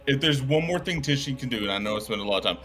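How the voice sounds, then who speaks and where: An animated man sits in on a tabletop game, driving his points home with swearing and a steady stream of "like". His pitch sits in an ordinary middle range, and faint music plays in the background. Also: rapid-fire. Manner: emphatic and profane, heavy on "like". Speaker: player. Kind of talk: casual tabletop game chat.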